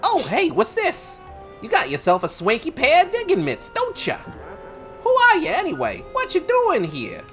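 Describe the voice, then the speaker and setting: A woman's voice: extremely high pitch, wildly swooping pitch, normal speed, a bit bright, pitched above the performer's own voice, heavily acted. A brash, scheming male cartoon cat with a nasal, brassy voice, as a woman puts him on. The voice swoops wildly up and down, with faint music underneath.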